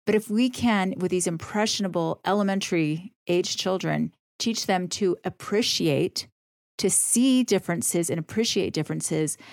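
A woman's voice: mid-range voice, gravelly, no room sound. Enthusiastic woman host, dry close sound. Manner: warm, enthusiastic question asking with affirming backchannels. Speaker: podcast host. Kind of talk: podcast interview.

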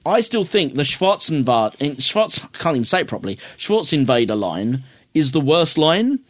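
A man's voice: a little high, big pitch swings, normal speed, no echo. A man co-hosting a casual film review podcast, rambling, swearing and laughing at his own jokes. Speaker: podcast co-host.

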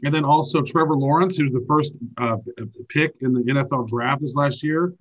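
A man's voice: medium pitch, normal speed, fairly bright tone, lo-fi sound. A man with a Midwestern accent co-hosting a casual crypto news chat, joking and rambling with filler words. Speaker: co-host.

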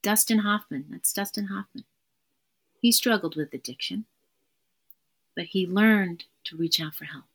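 A woman's voice: medium pitch, unhurried, pauses often, breathy edge. A woman therapist, a podcast guest, talking in an earnest, emphatic way and repeating her key phrases. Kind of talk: conversational interview.

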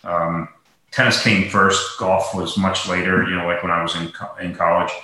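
Brief: male guest, bright rambling delivery full of fillers, very echoey room. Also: low-pitched, flat delivery, normal speed. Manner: rambling, many fillers and restarts. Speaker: guest, golf professional. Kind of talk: casual interview talk.

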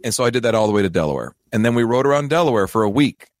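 A man hosting a financial advice show, telling a self-deprecating story in a lively, casual way. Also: mid-range voice, rapid-fire, no room sound, clean studio sound. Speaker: financial advisor and show host.

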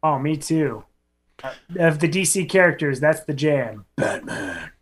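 A man's voice: fairly high pitch, moderate pace. A man co-hosting a radio show, joking around in laid-back banter. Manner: jokey, laid-back, quotes movie lines. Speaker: radio co-host.

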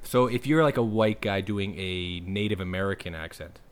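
A man's voice: deep voice, moderate pace, smooth. A man co-hosting a casual podcast, asking rambling questions and joking around. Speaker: podcast co-host. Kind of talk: casual chat.

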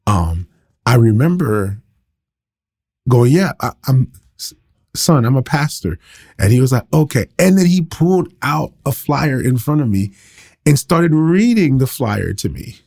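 This pastor, a man in his thirties, teaches the Bible in a relaxed, conversational style, laughing often and making fun of himself. His voice is medium-pitched, creaky and dark.

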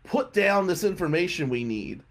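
Dude doing a cranky oil change guy, mocking, gruff, voice pushed higher. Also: expressive, moderate pace. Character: grumpy, hostile male oil-change worker.

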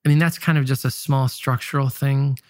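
A brisk man with a medium-pitched, darkish voice and fairly even intonation talks in a clean studio with no room sound. A pastor and musician with a nasal Michigan accent, he reflects candidly, questions himself, and often restarts sentences in this casual interview.

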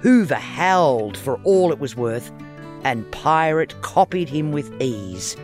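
Lively man reading a children's story. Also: on the high side, slow pace, faint music behind. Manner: lively, expressive reading aloud. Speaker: children's book author.

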